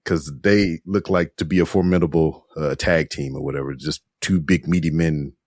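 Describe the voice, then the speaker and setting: A man's voice: very deep voice, steady tone, moderate pace, darkish tone, no room sound, clean studio sound. A man co-hosting a casual wrestling podcast who laughs a lot and throws in jokey asides. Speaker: podcast co-host.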